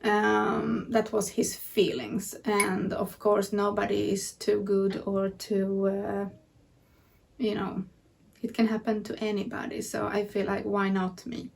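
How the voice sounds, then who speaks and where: Woman vlogger, candid personal storytelling, slightly gravelly tone, recorded a bit off-mic. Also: mid-range voice, level tone, takes it slowly, a little mellow, distant mic. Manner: earnest, candid retelling of events. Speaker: vlogger sharing her illness story.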